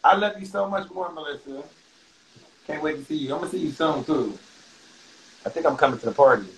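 A man's voice: fairly high pitch, a little fast, a little hiss or hum, rough recording. A man chatting casually on a livestream, laughing often and reading viewer comments aloud in a loose, rambling, profane way.

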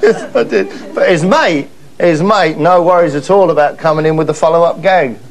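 A man's voice: on the high side, moderate pace, gravelly, background noise. A man hosting a comedy show, delivering a mock-pompous monologue in a camp, gushing way. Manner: camp, gushing, repeats "that's lovely". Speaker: comedy host.

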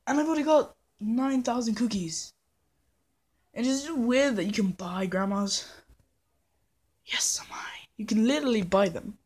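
A woman's voice: on the high side, moderate pace, long pauses, darkish tone, slightly rough. A woman hosting a casual game commentary in a put-on British accent, rambling playfully and poking fun at herself. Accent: put-on British persona. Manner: playful, rambling, self-mocking, drifts into hummed nonsense. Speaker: gaming channel host. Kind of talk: casual let's-play commentary. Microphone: phone recording.

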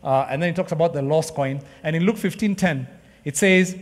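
A man's voice: fairly high pitch, a little fast, big-room sound. A man preaching a passionate, emphatic sermon to his congregation, often calling them "guys". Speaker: pastor. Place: church hall.

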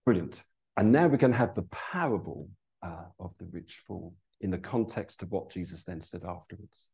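Mellow low-voiced preacher. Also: male voice, expressive, normal speed, vocal fry, husky. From East London, England. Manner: chatty, storytelling, many fillers. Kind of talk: informal sermon with personal story.

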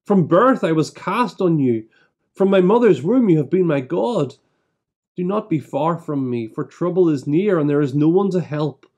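Man with a higher voice leading solemn prayers. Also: expressive, darkish tone, lo-fi sound. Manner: measured, solemn reading with deliberate pauses. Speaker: church minister. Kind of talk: leading prayers and reading scripture aloud. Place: church broadcast service.

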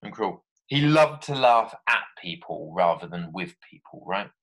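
A man's voice: low voice, lively intonation, moderate pace, fairly bright tone. Chatty man teaching a writing lesson. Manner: chatty, thinks aloud while writing, asides to pupils. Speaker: primary school teacher. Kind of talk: remote writing lesson for children.

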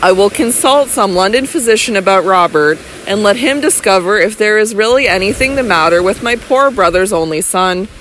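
A woman voices a doting older baronet in an audiobook. He sounds fond, reassuring and warmly indulgent, and he blusters when he is troubled. A faint hiss sits under the reading. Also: mid-range voice, animated, moderate pace, hardly any pauses, natural voice, poor audio.

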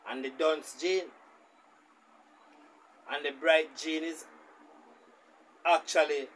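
A man with a Jamaican accent hosting a reaction video, telling a story in an animated manner. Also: a little high, slow pace, pauses often, a little hiss or hum, low-quality recording. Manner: animated, speaks in Jamaican Patois. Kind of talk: storytelling commentary.

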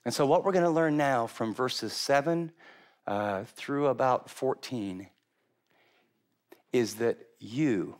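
A middle-aged man preaching a sermon, animated and emphatic, often repeating words and acting out quoted voices. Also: medium pitch. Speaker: pastor.

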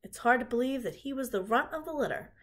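A woman voicing a cheerful grown farmer who speaks emphatically, with a husky tone. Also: high voice, animated, fast talker, pitched above the performer's own voice. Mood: admiring.

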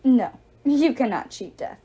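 Woman doing a haughty shrieking goddess, storybook reading, high raised voice, swooping pitch. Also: animated, measured pace, slightly rough, exaggerated voice. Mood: furious, haughty. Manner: haughty, threatening, loud. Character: furious proud female goddess of victory.

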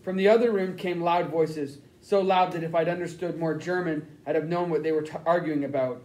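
A man narrating a novel in the first person with steady storytelling. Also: a little high, a little fast. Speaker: audiobook narrator. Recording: roomy echo.

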